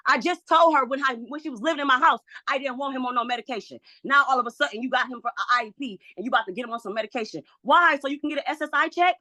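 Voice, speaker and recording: A woman's voice: sits high, very fast, few pauses, pushed and bright, no echo. A woman testifying in a custody hearing, agitated and pleading, repeating herself out of frustration. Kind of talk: emotional courtroom testimony.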